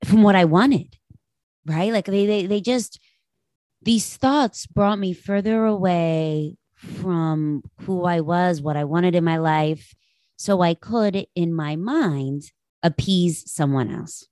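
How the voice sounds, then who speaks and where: A woman in her late thirties talks through a personal reflection with her audience, open and confessional. Her voice sits low, and the recording is close and dry, with no room sound around her. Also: takes it slowly, mellow, no echo. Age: 30s. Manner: candid, confessional, addresses listeners directly. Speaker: podcast host.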